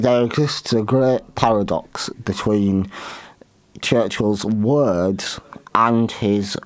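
A man hosting a show, talking through history in a halting way with many restarts and fillers. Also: on the low side, no room sound. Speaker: podcast host. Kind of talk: unscripted history commentary.

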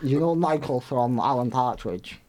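A man's voice: medium pitch, animated, moderate pace, crowd noise. A man from Middlesbrough hosting a casual show, introducing segments and laughing along. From Middlesbrough, England. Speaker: show host. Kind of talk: casual chat.

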